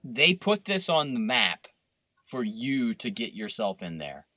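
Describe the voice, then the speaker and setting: Bright-voiced man riffing on a podcast. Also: mid-range voice, measured pace, no room sound. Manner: riffing, profane, animated rants. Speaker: podcast co-host. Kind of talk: casual podcast banter.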